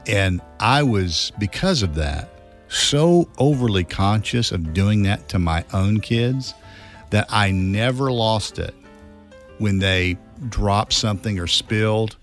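A man's voice: lowish voice, animated, takes it slowly, faint music behind. A man hosting a morning radio show, chatting in an easygoing, agreeable way and laughing along. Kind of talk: casual morning radio chat.

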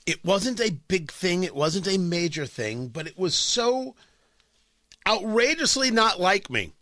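A middle-aged man from the New York and New Jersey area, a radio host telling a self-mocking story in an animated way. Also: sits high, unhurried, no room sound, studio quality. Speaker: radio talk show host. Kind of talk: radio monologue.

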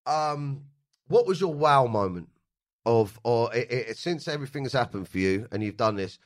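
A man's voice: mid-range voice, animated, moderate pace. A man hosting a casual podcast chat, laid-back, swearing and laughing easily. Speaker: podcast host.

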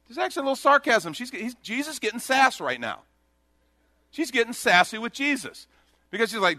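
A man preaching a sermon in a conversational, animated way, often acting out the people he quotes. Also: high voice, a little fast, no room sound. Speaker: pastor.

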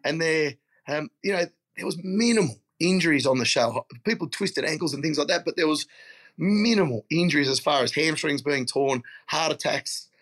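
A man's voice: on the high side, normal speed, fairly bright tone. A middle-aged Australian man chatting casually as a guest, telling blokey stories and calling people mate. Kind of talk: casual chat.

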